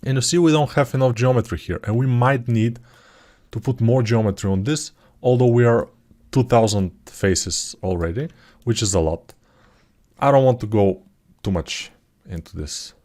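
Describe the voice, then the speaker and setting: A man talking through his 3D sculpting work in a live tutorial, thinking aloud in a relaxed, self-deprecating way, with typing heard behind him. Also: medium pitch, moderate pace. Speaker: 3D artist tutor.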